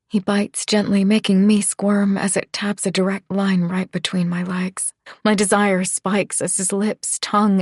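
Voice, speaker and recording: A woman narrating a first-person romance audiobook in a soft, breathy, half-whispered reading. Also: mid-range voice, no room sound, studio quality.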